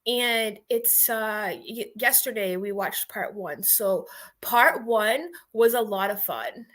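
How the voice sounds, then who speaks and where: Chatty woman streamer with a bright, slightly high voice, loose and rambling. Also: slow pace. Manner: chatty, rambling, giggly, heavy on "like". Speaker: livestream host. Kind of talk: casual livestream chat.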